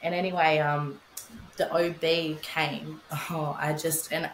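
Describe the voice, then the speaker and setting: A woman's voice: low-pitched, little pitch movement, takes it slowly, reverberant, slight background noise, rough recording. A young woman telling her story in casual podcast chat, candid, swearing freely, with many fillers. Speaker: podcast guest, bereaved mother.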